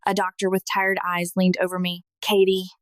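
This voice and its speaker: A woman narrating a scripted first-person testimony in a slow, emotional, earnest manner. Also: lowish voice, monotone, fairly bright tone, dry recording.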